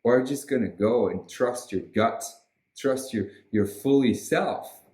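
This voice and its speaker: A man's voice: medium pitch, unhurried, darkish tone. A man giving a casual weekly astrology forecast in an emphatic, rousing way with frequent swearing. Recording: roomy echo.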